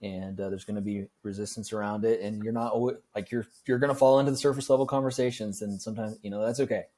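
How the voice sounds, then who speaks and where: A young man co-hosting a podcast, talking in a relaxed, reflective and rambling way. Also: lowish voice, fast. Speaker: podcast co-host. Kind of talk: casual podcast chat.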